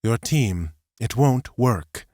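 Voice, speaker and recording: A man voicing a calm, formal ambassador who speaks in a measured, precise way. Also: mid-range voice, no echo, studio quality. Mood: calm insistent.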